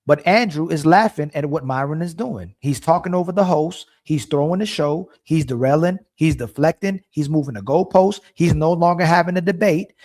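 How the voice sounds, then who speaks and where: A man hosting a stream, reacting to a clip with indignant, repetitive commentary and pausing to search for words. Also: fairly high pitch, a little mellow.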